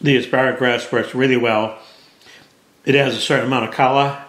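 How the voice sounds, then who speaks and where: A man's voice: medium pitch, steady tone, a little fast, fairly bright tone, a little hiss or hum. A man, a cooking show chef, giving casual commentary as he tastes a dish and talks while eating. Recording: roomy kitchen echo, faint clatter.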